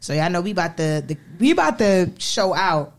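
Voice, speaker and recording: A woman with a slightly low voice talks in a loose, slangy way. She is animated and keeps circling back to her points for emphasis in relaxed chat. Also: normal speed. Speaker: co-host. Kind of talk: casual chat.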